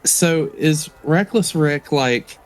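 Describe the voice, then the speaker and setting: A man's voice: on the high side, slow pace. A man playing a tabletop game, asking rambling questions. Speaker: player. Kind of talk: casual tabletop play.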